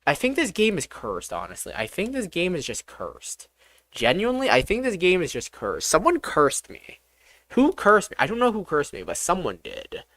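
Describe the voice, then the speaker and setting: Game dev streamer thinking out loud, lively bouncy pitch, dry close sound, swears a lot. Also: moderate pace, no room sound. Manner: excitable, swears often, talks through each step aloud. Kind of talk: live-streamed coding commentary.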